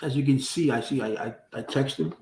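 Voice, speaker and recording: A man's voice: mid-range voice, a little fast, darkish tone, distant mic, slight background noise. A man hosting a casual livestream, telling stories in loose, profane street slang from a room at home. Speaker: livestream host. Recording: roomy echo.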